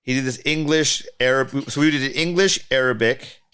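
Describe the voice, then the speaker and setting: A man's voice: mid-range voice, moderate pace, smooth. A man who works as a music producer, chatting casually on a podcast and telling studio stories in a loose, storytelling way. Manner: storytelling, animated when imitating others.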